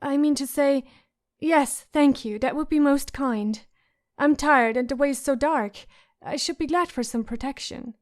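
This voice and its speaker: A woman's voice: high-pitched, measured pace. A woman reading the part of a timid, polite young noble girl who trembles as she speaks in an audiobook.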